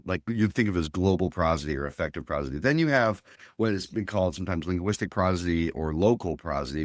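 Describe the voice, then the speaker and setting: Guy with a really low voice, walking through his research, lots of ums, dry sound. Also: dry recording. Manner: thoughtful, explanatory, many fillers and restarts. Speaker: guest researcher. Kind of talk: academic interview talk.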